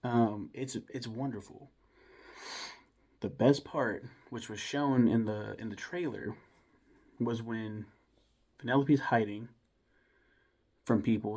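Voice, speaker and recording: A man's voice: medium pitch, slow, pauses often, a little mellow. A young man giving a casual, rambling film review full of enthusiasm, restarts and mild swearing.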